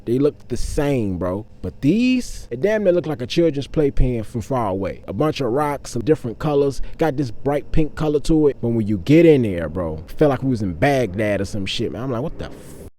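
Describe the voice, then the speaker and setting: A man's voice: mid-range voice, sing-song, moderate pace, few pauses, warm tone. A man from Virginia, telling a street story in a laid-back, profane, conversational way. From Richmond, Virginia, US.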